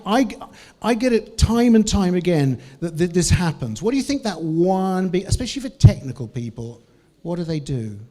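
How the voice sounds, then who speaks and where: A man with a New Zealand accent giving a lively, joking conference talk on English and asking the audience questions. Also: a little high. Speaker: language trainer. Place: conference hall.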